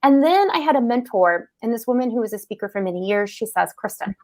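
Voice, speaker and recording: A middle-aged woman co-hosting a podcast, with a somewhat high voice. She tells her story casually and with animation, and keeps checking in with "right?" and "like". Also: fast talker. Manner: animated, frequent "like" and "right?" asides. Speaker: podcast co-host and public speaker.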